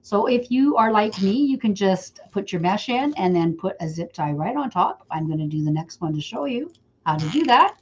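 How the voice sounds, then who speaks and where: On a relaxed live stream, a middle-aged woman from Canada shows how to make a wreath, her mid-range voice expressive and at normal speed. She's chatty and calls out viewers by name while working, over slight background noise and a slightly dull lo-fi recording.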